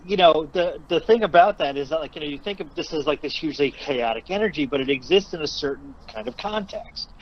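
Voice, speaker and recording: A man's voice: on the high side, lively intonation, fast, few pauses, muffled recording, a little hiss or hum. Joking male podcast guest. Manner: joking, wry asides. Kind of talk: casual chat.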